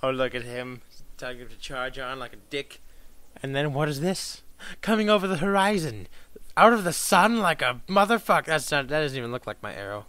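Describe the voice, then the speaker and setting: A man commentating on his own gameplay, swearing a lot and making sarcastic, excitable remarks. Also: mid-range voice, a little fast, dry recording. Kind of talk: profane let's-play commentary.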